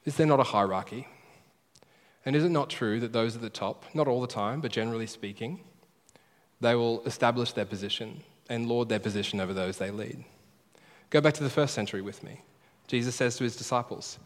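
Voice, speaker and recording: A male pastor preaching a sermon, emphatic and repeating his key phrases slowly. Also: medium pitch. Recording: preaching in a large reverberant hall.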